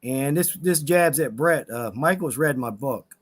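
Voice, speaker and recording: A man standing in as co-host on a live stream, speaking in a halting, hesitant way. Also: mid-range voice, lively intonation, breathy edge. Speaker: guest co-host. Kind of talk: casual live-stream chat.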